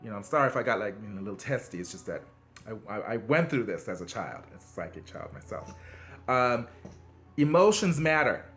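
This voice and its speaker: Man, mid-pitched, earnest conversational advice host, many fillers, soft music underneath. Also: animated, fairly quick. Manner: conversational, frequent fillers and restarts; earnest and encouraging, emphatic swings in pitch. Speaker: video host giving parenting advice. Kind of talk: casual advice monologue.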